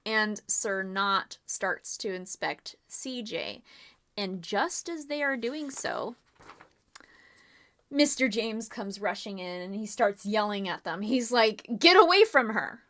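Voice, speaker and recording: A woman streamer narrates a live murder mystery game. She talks in a loose, chatty way full of fillers, in a middle pitch. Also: fairly bright tone.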